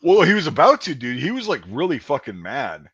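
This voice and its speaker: A man in his thirties casually telling profane army stories in an animated way, often breaking into shouted impressions. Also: a little high, brisk, slightly rough, no echo, lo-fi sound. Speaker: podcast host and army veteran. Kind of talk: casual storytelling chat.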